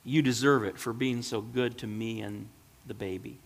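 A man voicing a gentle young mother in a storybook reading, speaking softly and kindly. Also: medium pitch, steady tone, normal speed, creaky. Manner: soft and kindly. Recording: long hall reverb.

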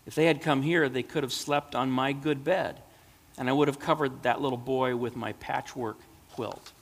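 A man voicing a kindly old shoemaker who talks softly, with fond sighs. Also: medium pitch, fairly even intonation, moderate pace, close to an everyday voice. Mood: wistful.

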